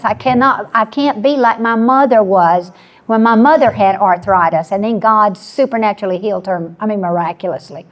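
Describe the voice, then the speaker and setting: A woman in her seventies, a panelist sharing an earnest personal story with frequent restarts. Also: a little high. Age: 70s.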